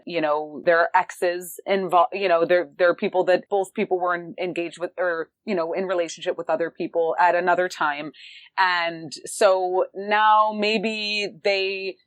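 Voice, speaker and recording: Lower-voiced woman hosting a chatty interview. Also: steady tone, a little slow, fairly bright tone, dry recording. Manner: loose and rambling, full of "like" and "you know". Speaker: podcast host. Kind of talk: casual interview chat.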